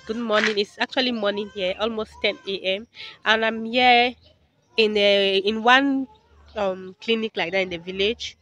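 Brief: young Cameroonian-born woman vlogger, bright and forceful voice, chatty tone toward her viewers, handheld phone outdoors. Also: mid-range voice, steady tone, normal speed, slight background noise. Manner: chatty, addresses viewers as sisters. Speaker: vlogger and new mother. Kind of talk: casual chat to camera. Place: outdoors on a street.

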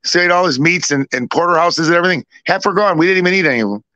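A middle-aged man spins a long family story in loose, repetitive chat, playing every voice in it himself. His voice sits a little high for a man. The sound is close and dry, with no room around it. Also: racing, sharp tone, no echo, dull audio. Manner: rambling, repeats himself, acts out both sides of dialogue. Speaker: podcast co-host. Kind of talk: casual storytelling.

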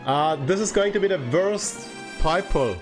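Excitable streamer guy, kinda high voice, quiet game music behind. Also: unhurried. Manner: excitable, swings from groaning to cheering. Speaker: livestreamer. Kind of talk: live gameplay commentary.

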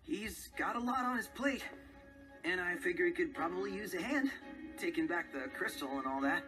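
An earnest young sharpshooter from a video game, sincere and upbeat, with a lively, bouncing pitch. His lines sit a touch high and are carried over swelling game music. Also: moderate pace. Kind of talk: video game cutscene dialogue.

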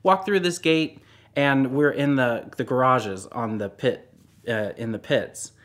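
A man casually telling a car story, animated and often dropping into a hushed voice. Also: medium pitch, a little slow.

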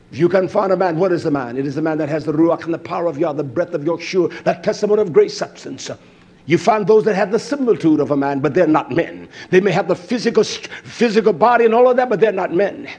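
A man preaching a fiery, scolding sermon that rises at times to shouting. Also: on the high side, husky.

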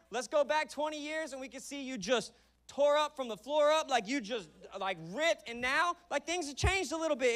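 A man preaching a sermon as pastor, telling stories in casual, folksy words with bursts of shouting. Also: extremely high pitch, moderate pace. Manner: energetic storytelling preaching, sometimes shouting.

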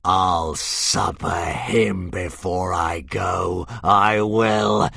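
Guy voicing a giant dying sea dragon, hisses every word real slow, low and dry. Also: fairly even intonation, vocal fry, pushed and bright, slightly rough, no echo, exaggerated voice. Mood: furious. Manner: slow, drawn-out hissing menace. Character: huge dying vengeful male sea dragon. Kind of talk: audiobook character voice.

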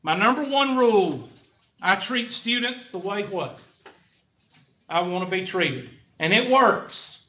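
A man's voice: high voice, lively intonation, slow, pushed and bright. A middle-aged man with a Southern American accent, a college instructor giving a blunt, folksy classroom lecture and tossing questions to the class. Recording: lo-fi, echoey classroom.

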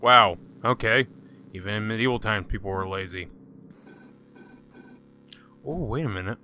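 A man's voice: lowish voice, moderate pace, pushed and bright, faint music behind. A man hosting a casual gaming let's-play, joking sarcastically and talking back to the game's characters. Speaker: gaming channel host.

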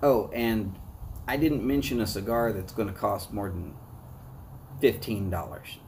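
A man's voice: fairly low pitch, unhurried, vocal fry, a little mellow, a little hiss or hum. A man with a Southern US accent hosting a live cigar review, chatting to viewers in a folksy way. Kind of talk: casual live-stream talk.

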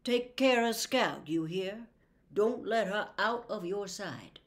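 A woman reading an audiobook, voicing a calm, steady grown man who speaks slowly and low. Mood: calm firm. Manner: slow, low and measured.

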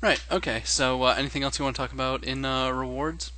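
A man's voice: mid-range voice, fairly even intonation, fast, bright, forceful tone, low-quality recording. A man co-hosting a casual podcast about tabletop games, running as game master and thinking aloud in a rambling way.

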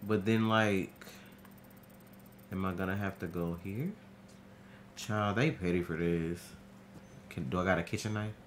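A man streaming a horror game, talking to himself in casual, profane, excitable commentary. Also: sits low, a little slow, pauses often, a little hiss or hum. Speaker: gaming streamer.

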